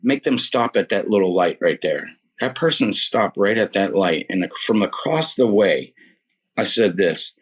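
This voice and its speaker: A man's voice: fairly low pitch, expressive, moderate pace, husky. A man sharing his faith testimony in a casual, emphatic storytelling way, slangy and fond of repeating himself. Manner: slangy and emphatic, repeats words, calls listener "man" and "dude".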